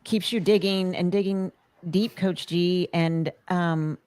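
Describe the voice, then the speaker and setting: A woman hosting a podcast, speaking gently and haltingly to her guest. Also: lowish voice, steady tone, smooth, dry recording. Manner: gentle, halting, with many restarts. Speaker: podcast host. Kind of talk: supportive interview talk.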